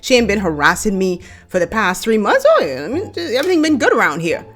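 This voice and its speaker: A man's voice: high-pitched, very animated, fast talker, a bit bright, soft background music, full character voice. A woman voicing her easygoing male boss, offhand and breezy, as she retells a story.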